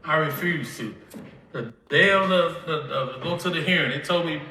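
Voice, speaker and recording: A man's voice: a little high, moderate pace, sharp tone. A tearful older man with a Southern accent from Mississippi, telling his life story with emotion and acting out the conversations he recalls. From Mississippi, USA. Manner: emotional, tells events by acting out dialogue. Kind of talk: emotional personal testimony. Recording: echoey room, from a distance.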